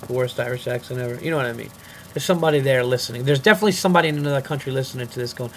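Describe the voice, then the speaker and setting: A young comedian hosts his own podcast alone, his fairly high, sharp voice moving briskly with lively intonation. The casual solo monologue is goofy and rambling, full of swearing.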